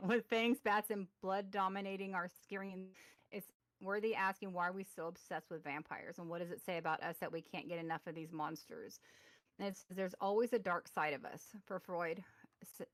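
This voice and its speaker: A woman's voice: on the low side, steady tone, normal speed, fairly bright tone, no echo. A woman in her forties co-hosting a casual podcast over a remote mic, reading articles aloud and rambling with many fillers and restarts. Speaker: podcast co-host. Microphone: remote call mic.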